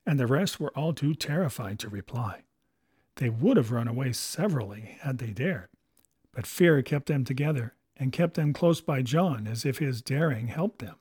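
A man narrates an adventure novel in a steady storytelling manner. His voice sits a bit high for a man. The recording is dry and close. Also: normal speed, slightly rough, dry recording. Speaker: audiobook narrator. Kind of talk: scripted narration.

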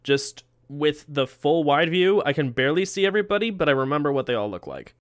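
Male co-host, animated pitch, wry explainer, dry close recording. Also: brisk, no room sound. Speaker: podcast co-host. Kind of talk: casual podcast chat.

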